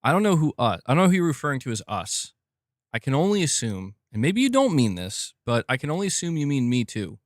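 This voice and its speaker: A man with a medium-pitched, sing-song voice talks quickly on a gaming news livestream, recorded in studio quality with no echo. His casual commentary is chatty, and he reads donations aloud and speaks directly to his chat.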